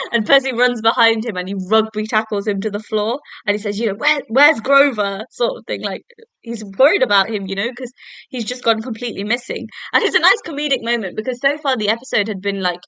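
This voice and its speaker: Young woman host, bright tone, dry close sound, rambling casual recap. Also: mid-range voice, no room sound. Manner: chatty, with many fillers and self-corrections. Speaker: podcast host. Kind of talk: casual solo TV episode review. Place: at home.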